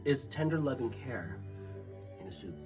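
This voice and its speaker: A man's voice: medium pitch, very animated, moderate pace, a little mellow, faint music behind. A man co-hosting a casual comedic chat show who rambles, swears freely and laughs a lot. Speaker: podcast co-host.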